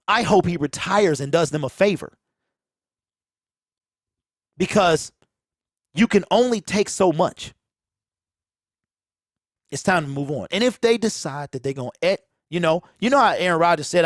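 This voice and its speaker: A man with a fairly high, animated voice and a Michigan accent hosts a sports talk show, speaking at a measured pace with frequent pauses. His casual rant is preachy and full of emphatic repetition, captured without echo on a close mic that pops on plosives.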